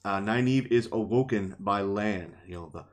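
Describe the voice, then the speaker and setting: A man with a low-leaning voice talks at normal speed as he co-hosts a casual book podcast. He's retelling a chapter from a fantasy novel, acting out quotes in playful voices and laughing.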